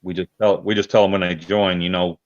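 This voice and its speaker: A man with an Indiana accent speaks as a guest over a video call, hesitant and full of ums and restarts. His voice is very low. The call audio is dull and lo-fi. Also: flat delivery, fairly quick. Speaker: guest, militia member.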